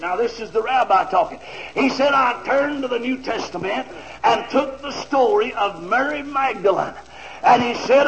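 A man preaching a fiery revival sermon, often shouting praise to a congregation. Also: extremely high pitch, creaky. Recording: dull lo-fi recording with crowd.

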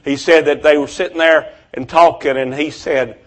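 Fervent high-voiced male preacher. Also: steady tone, normal speed, few pauses. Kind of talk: revival sermon.

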